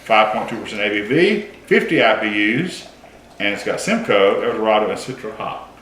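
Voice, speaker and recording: A man's voice: lowish voice, moderate pace. A man hosting a beer show, chatting casually and reading label details aloud during a tasting. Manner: relaxed, reads label notes aloud. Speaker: beer podcast host. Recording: echoey room with faint noise.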